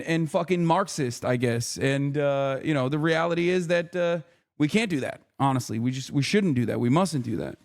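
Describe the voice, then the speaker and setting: Male streamer, livestream commentary, swears a lot, rants at chat, slightly high voice. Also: normal speed. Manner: ranting, profane, talks straight to chat. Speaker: streamer host.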